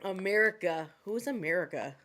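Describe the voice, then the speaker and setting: A woman's voice: mid-range voice, animated, normal speed, fairly bright tone, a little hiss or hum. A woman hosting a casual live stream, greeting viewers by name and teasing her co-host with frequent laughter.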